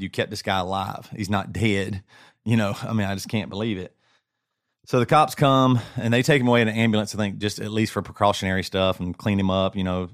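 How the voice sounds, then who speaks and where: A man with a lowish voice recounts what happened to him in an unsettled, stop-start way, often circling back over his own words. His speech is casual and close to the mic, with a dry sound and almost no room around it. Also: dry recording. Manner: shaken, halting, many restarts and repeats. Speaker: podcast co-host. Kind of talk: casual chat, personal story.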